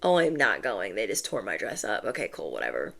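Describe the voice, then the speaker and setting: A woman voicing a fickle young princess who swings from squealing and bubbly to flat and let down. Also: very deep voice, a little fast, creaky, slight background noise, voice pushed down, full character voice. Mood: deflated.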